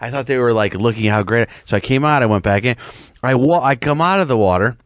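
A man's voice: medium pitch, fast, dry recording, clean studio sound. A man from Rochester, a comedian guest on a casual chat show, telling rambling stories full of restarts. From Rochester, New York. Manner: rambling, animated storyteller with many restarts.

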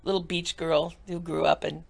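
A woman telling comic stories as a talk show guest, giggling and animated. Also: low voice, normal speed, gravelly, breathy edge. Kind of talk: casual comedic chat.

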